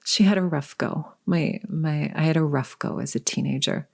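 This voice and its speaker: A woman in her forties hosting a reflective solo podcast as a coach, talking gently and unhurriedly, sometimes dropping to a soft whisper. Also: sits low, moderate pace, vocal fry, few pauses.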